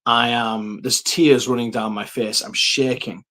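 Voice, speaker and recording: A man telling his personal faith story, earnest and reflective, with frequent pauses and ums. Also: medium pitch, steady tone, pushed and bright.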